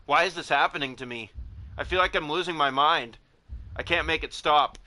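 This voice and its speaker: A man voicing a shy, intense bookish teenage girl who speaks in halting, stammering bursts. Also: on the high side, bright, forceful tone. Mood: flustered.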